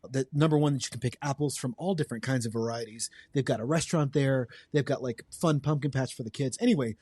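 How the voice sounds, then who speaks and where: A man's voice: mid-range voice, fast talker, a little mellow, husky, no echo. A man hosting a podcast, chatting enthusiastically on a home podcast mic. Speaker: podcast host. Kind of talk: casual chat.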